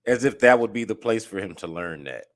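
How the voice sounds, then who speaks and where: A man's voice: fairly low pitch, animated, brisk. A man co-hosting a sports talk show, building a long, emphatic argument in a casual way. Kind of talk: casual chat.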